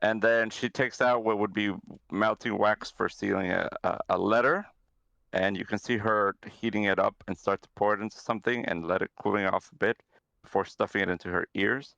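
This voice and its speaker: Gravelly-voiced man running a tabletop game. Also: lowish voice, steady tone, a little fast, fairly bright tone, dry recording, lo-fi sound. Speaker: game master.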